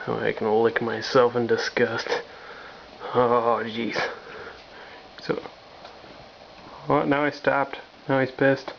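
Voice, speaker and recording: A man filming his cat at home, talking to it in a playful, teasing, mock-dramatic way with drawn-out exclamations. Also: medium pitch, little pitch movement, gravelly. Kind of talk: casual teasing narration to a pet. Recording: dull, noisy home camcorder audio.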